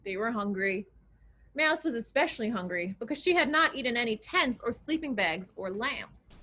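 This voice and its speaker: A woman librarian reading picture books aloud to young children, expressive and coaxing, asking them questions. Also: on the high side, moderate pace. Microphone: video recording.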